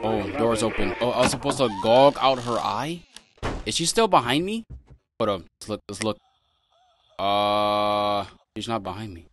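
A man's voice: lowish voice, normal speed, fairly bright tone. A young man commenting as he plays a horror game, thinking aloud, talking to his viewers and yelping when startled. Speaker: gaming channel host. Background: game music.

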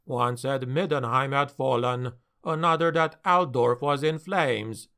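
A man's voice: mid-range voice, a little slow, gravelly, pushed and bright, clean tone. A man voicing a bitter, weary male dwarf harbor master who grumbles his complaints, for an audiobook.

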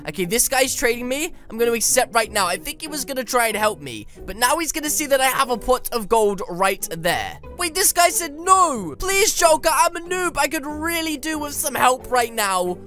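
A woman giving excitable, playful gameplay commentary, melodramatic and mock-indignant. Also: a little high, moderate pace, hardly any pauses, faint music behind. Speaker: gaming YouTuber.

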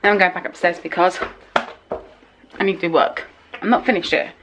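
A woman vlogging at home in casual chat, excitable and swearing freely. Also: lowish voice, brisk, background noise.

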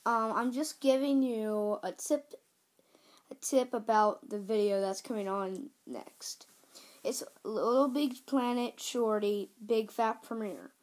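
A woman's voice: a little high, takes it slowly, a little mellow. A woman creator giving a casual, hesitant spoken intro to her game cartoon. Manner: hesitant, with fillers and restarts.

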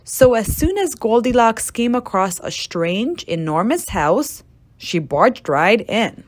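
A woman reads a children's storybook aloud, taking her time over each phrase. Her pitch rises and falls in wide, playful swings. She drops dry, deadpan asides into the tale. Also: takes it slowly. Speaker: storybook reader.

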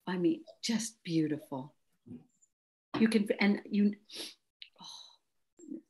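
A woman hosting an interview, gushing with praise and telling animated personal stories in a casual chat. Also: fairly low pitch, extremely slow. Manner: effusive, storytelling, gushing praise. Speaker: host.

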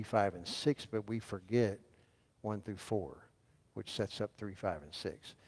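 A man's voice: fairly low pitch, darkish tone. A man, a pastor preaching a sermon in a church, calling on the congregation to answer and repeat verses after him. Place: church sanctuary. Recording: long hall reverb.

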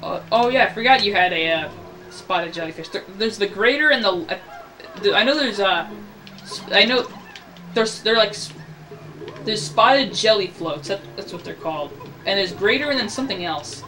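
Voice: medium pitch, animated, normal speed, pushed and bright, far from the mic. A host giving casual gameplay commentary, rambling, joking and correcting himself mid-sentence. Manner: rambling, self-correcting, jokey. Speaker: let's play host.

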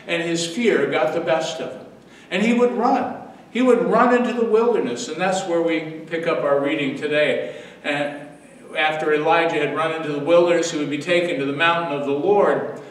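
A man's voice: sits high, slight background noise. A man in his seventies, a pastor giving a daily devotional sermon, telling the story earnestly and repeating phrases for weight. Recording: echoey room, distant mic.

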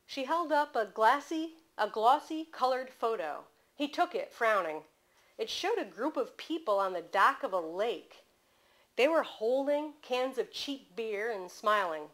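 A woman author reading aloud from her mystery novel at a bookstore, in steady storytelling narration. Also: a little high, measured pace, low-quality recording.

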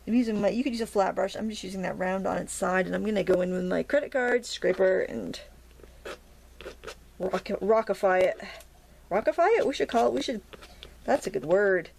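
Middle-aged woman, Maine accent, slightly gravelly, chatty art teacher, casual and playful. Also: medium pitch, fairly quick, darkish tone. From Maine, USA. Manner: chatty, self-talking while painting, playful asides. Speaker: watercolor instructor. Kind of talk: casual painting tutorial.

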